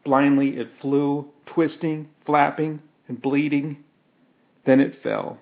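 Man reading a story aloud, real slow, tinny phone-like sound. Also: on the high side, fairly even intonation. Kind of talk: audiobook narration.

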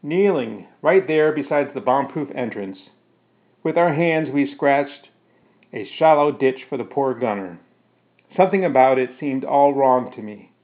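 Man reading his own war story, steady medium voice, then chatting about it with uhs, thin phone audio. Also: medium pitch, measured pace. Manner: steady narration, then casual explanation with fillers. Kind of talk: first-person story narration. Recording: narrow phone-like sound.

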